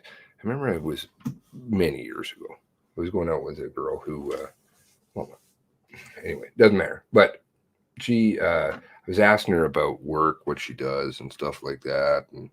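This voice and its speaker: A man hosting a live stream, chatting in a rambling way and reading viewers' comments and emails aloud, with blunt, casual swearing. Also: low-pitched. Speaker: livestream host.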